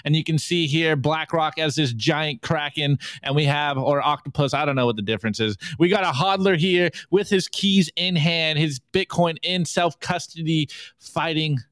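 A man's voice: fairly high pitch, normal speed, a bit bright, no echo. A man co-hosting a live podcast, running a casual meme review and joking as he reads the memes aloud. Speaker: podcast co-host.

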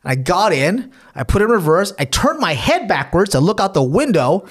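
A man, a teacher hosting a podcast, telling stories in animated casual chat and swearing freely. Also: high-pitched, brisk.

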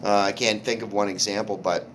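A man hosting a casual podcast chat, telling stories haltingly with restarts and swearing. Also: lowish voice, level tone, fairly bright tone, slight background noise. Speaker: podcast host, comedian.

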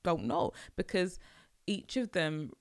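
Low-voiced woman musing on parenting. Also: animated, takes it slowly, no room sound, studio quality. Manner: chatty, rambling, laughs often. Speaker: podcast host. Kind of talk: casual monologue.

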